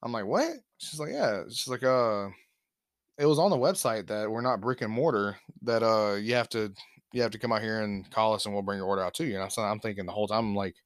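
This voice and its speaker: A man's voice: lowish voice, a little fast, no room sound, studio quality. Profane man telling a story. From Alabama, US. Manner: profane, animated anecdote-telling with laughs. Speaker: podcast host. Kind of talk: casual storytelling.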